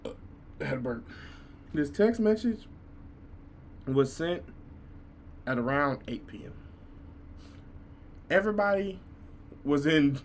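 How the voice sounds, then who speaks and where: A young college man tells a messy story in a high, lively voice, swinging his pitch up and down as he goes. He swears casually and stumbles over repeated words. A faint background noise runs under the recording. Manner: animated, excitable, swears freely, repeats words. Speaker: college student vlogger.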